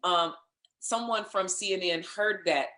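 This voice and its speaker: A woman being interviewed, telling a lively story in casual conversation, acting out what others said and laughing along. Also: mid-range voice, a little slow, reverberant. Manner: animated storyteller, acts out others' lines, laughs. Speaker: interview guest, singer and voice actor.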